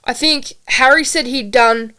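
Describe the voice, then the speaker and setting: An Australian woman co-hosting a podcast, chatting casually in an excitable, gushing way. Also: high-pitched, measured pace, clean tone. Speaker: podcast co-host. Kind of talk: casual chat.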